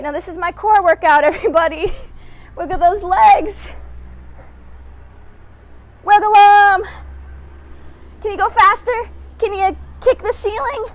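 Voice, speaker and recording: A woman hosting a children's story time, leading movement exercises in a playful, encouraging way and humming little sound effects. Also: extremely high pitch. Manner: playful, encouraging, talks straight to young kids; hums little sound effects and laughs between cues.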